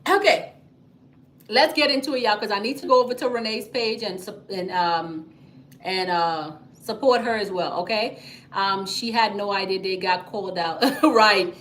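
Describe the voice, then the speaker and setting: A woman's voice: mid-range voice, normal speed, slight background noise. A woman hosting a casual business livestream, talking emphatically and reading out viewer comments. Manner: chatty and emphatic, frequent "okay?" and "y'all", animated storytelling. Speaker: livestream host, business credit coach.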